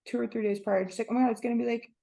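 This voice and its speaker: A young woman co-hosts a casual podcast, telling stories at a quick clip. Her voice has a gravelly fry, and she acts out what people said as she goes. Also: a little high, steady tone, warm tone. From Orlando area. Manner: chatty storytelling, acts out quotes. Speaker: podcast co-host. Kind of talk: casual chat.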